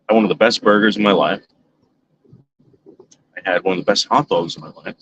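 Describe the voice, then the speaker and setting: A man's voice: lowish voice, a little fast, pauses often, a bit bright, muffled recording, slight background noise. A man vlogging to his viewers from his backyard at night, rambling, boastful and crude in casual chat. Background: fan running.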